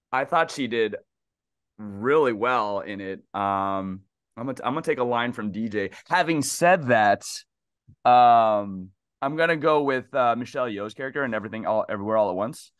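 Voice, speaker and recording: A man's voice: medium pitch, a little fast, fairly bright tone, clear, resonant tone, no room sound, studio quality. A man guest on a casual podcast who talks in an easygoing, hesitant way and acts out his own quoted reactions.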